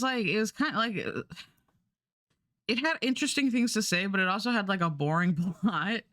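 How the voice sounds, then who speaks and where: Bright, chatty streamer woman. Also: on the low side, smooth, no room sound, studio quality. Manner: rambling, many fillers and restarts. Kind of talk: casual livestream chat.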